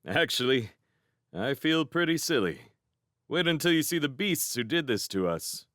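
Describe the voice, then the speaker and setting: A man's voice: mid-range voice, big pitch swings, moderate pace, a bit bright, no echo, clean studio sound, pitched above the performer's own voice. A man voicing a brave young male mouse warrior in a storybook, earnest and a little wry.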